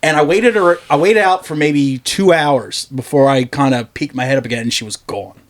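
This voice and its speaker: A man's voice: fairly high pitch, normal speed. A man telling a long story in casual podcast chat, loose and profane, laughing often as he goes.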